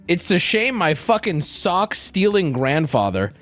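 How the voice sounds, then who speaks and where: A man's voice: high voice, a little slow, soft background music. A man streaming, telling stories in casual chat with lots of swearing. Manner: animated, profane storytelling.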